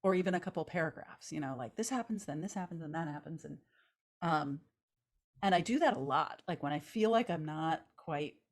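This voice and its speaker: A woman's voice: deep voice, animated, fairly quick. A woman co-hosting a casual chat about novel writing, rambling with lots of "like" fillers and frequent laughs. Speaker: podcast co-host, novelist.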